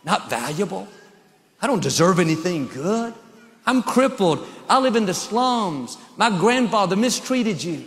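A man's voice: big pitch swings, a little slow, a bit bright, in a large hall, heavily acted. A man voicing a frightened, lame man who speaks weakly and thinks little of himself. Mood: ashamed. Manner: weak, lowered voice.

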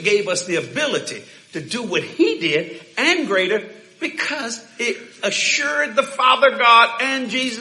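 A man preaching a sermon in a church, shouting, laughing and talking fast in bursts. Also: high-pitched. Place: church hall with congregation. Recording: echoey church hall.

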